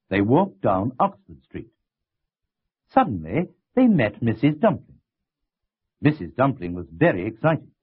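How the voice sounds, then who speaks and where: Male narrator, language lesson, slow, deliberate reading, husky voice, tinny sound. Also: medium pitch. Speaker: course narrator. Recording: tinny lo-fi tape.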